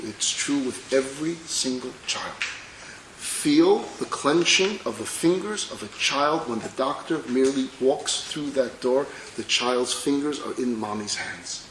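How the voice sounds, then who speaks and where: A man, a rabbi, gives a religious lecture with dramatic storytelling, sometimes dropping to soft, intimate tones. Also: mid-range voice, background noise. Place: lecture hall with an audience. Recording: echoey lecture hall.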